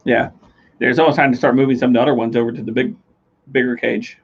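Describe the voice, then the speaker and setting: A man's voice: mid-range voice, fairly even intonation, quick pace, husky. A man co-hosting a casual home livestream, teasing his partner, laughing a lot and reading out chat comments. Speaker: livestream co-host. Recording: slightly dull lo-fi stream audio.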